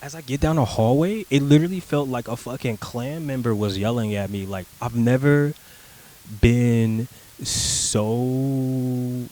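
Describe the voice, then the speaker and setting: A man's voice: mid-range voice, a little slow, warm tone, rough recording. A young man casually telling a personal story, rambling and profane, with lots of filler words, acting out his own replies. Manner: rambling and profane, heavy use of "like", acts out his own lines.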